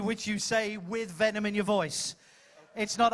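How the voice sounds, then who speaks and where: A man's voice: high voice, unhurried. A man hosting a comic audience-participation show on a ship's stage, teasing and theatrical, speaking into a handheld mic. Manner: teasing, theatrical, self-mocking. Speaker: cruise ship entertainer.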